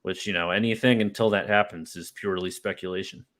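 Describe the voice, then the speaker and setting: A man's voice: low voice, fairly even intonation, fast talker, a bit bright. A young man telling stories in a rambling way, full of fillers and laughs, as a podcast host. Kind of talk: casual chat.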